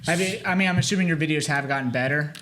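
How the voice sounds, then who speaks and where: A man's voice: on the high side, very fast, a bit bright, slight background noise. A man hosting a podcast, easygoing in casual chat and asking follow-up questions. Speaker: podcast host.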